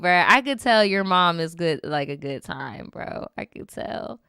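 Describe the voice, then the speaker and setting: A young woman talks straight into a close, dry mic. Her voice is bright and smooth. She reads viewer stories and reacts with animated, slangy, sarcastic asides. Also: lowish voice, a little slow, few pauses, no room sound. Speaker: streamer reading viewer stories. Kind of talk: casual storytime commentary.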